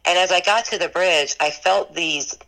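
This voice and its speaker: A woman's voice: lowish voice, normal speed, vocal fry, sharp tone, rough recording. A woman who runs a ghost tour business, earnestly recounting her paranormal experiences in an interview and rambling with lots of "like" and "you know".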